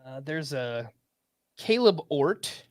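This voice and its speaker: A man co-hosting a sports podcast in casual chat, animated as he reads out listener submissions. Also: a little high, slow, no echo, studio quality. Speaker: fantasy baseball podcast co-host.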